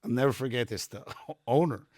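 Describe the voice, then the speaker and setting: A man's voice: mid-range voice, a little fast, a little mellow, no echo, clean studio sound. Middle-aged man telling army stories. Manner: rambling anecdotes with many fillers, quoting others. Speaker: podcast guest, retired Army sergeant first class. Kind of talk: casual storytelling chat. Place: podcast studio room.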